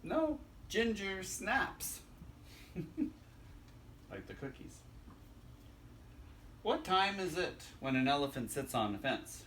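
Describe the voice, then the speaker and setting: A man's voice: medium pitch, very animated, slow pace, pauses often, fairly bright tone, recorded from a distance, a little hiss or hum. A man reading a children's joke book aloud, chuckling at his own jokes.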